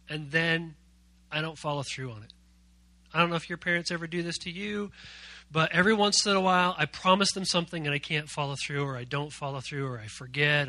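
Youth pastor, male, very bright, high voice; playful, jokey sermon delivery that keeps quizzing the room. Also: no echo.

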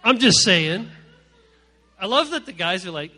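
High, bright-voiced joking preacher man. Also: unhurried, pauses often. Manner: animated, joking, acts out quoted voices. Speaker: youth pastor. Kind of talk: energetic comic sermon to a youth group. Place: stage before a live audience.

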